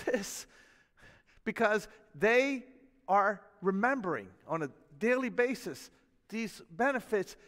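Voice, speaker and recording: A man preaching a sermon as pastor, in a folksy, animated way with chuckles and asides. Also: high voice, long reverb tail. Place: church sanctuary.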